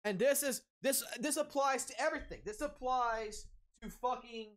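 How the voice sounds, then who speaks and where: A man's voice: very high voice, moderate pace. A man streaming a casual rant, angry and heavily profane, blunt, repeating himself for emphasis.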